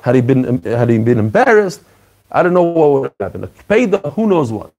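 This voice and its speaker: A man teaching a Talmud class, talking quickly and with excitement, mixing in Hebrew and Aramaic terms and acting out the rabbis he quotes. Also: mid-range voice.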